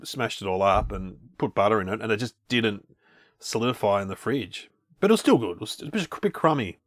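A man co-hosting a casual taste-test chat, chatty and quick to get excited, often restarting his sentences. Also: on the low side, dry recording, studio quality. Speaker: co-host.

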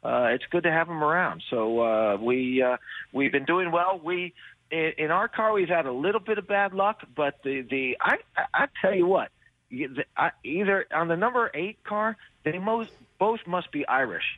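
A race driver calling in to a radio show, talking with lots of energy and stumbling through many fillers and restarts. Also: male voice, on the high side, animated, moderate pace, dry recording. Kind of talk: phone interview. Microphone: phone. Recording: narrow phone line.

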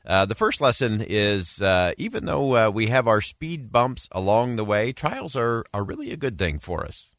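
Deep voiced guy hosting, easygoing, lots of uhs, dry close mic. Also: very animated, moderate pace, hardly any pauses, a bit bright, no room sound. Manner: easygoing, frequent "uh" fillers. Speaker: host. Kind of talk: casual commentary.

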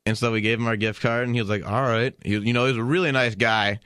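Rambling, bright-voiced man telling a story. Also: mid-range voice, fairly even intonation, fast, smooth, no echo, clean studio sound. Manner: rambling anecdote with many fillers. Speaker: podcast guest, producer. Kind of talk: casual chat, storytelling.

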